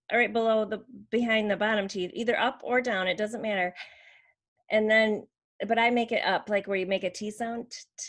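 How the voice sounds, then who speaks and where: A woman teaching how to make speech sounds, explaining patiently and demonstrating each sound. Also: on the high side. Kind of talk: slow instructional demonstration.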